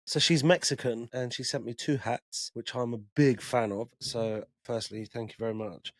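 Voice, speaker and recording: A male podcast co-host talks casually and bluntly, swearing freely. His medium-pitched voice has fairly even intonation and a normal speed, in a dry, clean studio recording.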